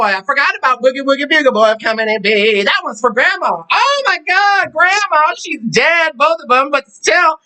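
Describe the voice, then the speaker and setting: A man's voice: very high-pitched, bright, forceful tone, low-quality recording. A man hosting an Instagram live stream as a campy, theatrical drag persona, who calls his viewers honey and darling and sometimes slips into a put-on Southern accent. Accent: put-on Southern accent at times. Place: home in New York. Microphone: phone or webcam for an Instagram live stream.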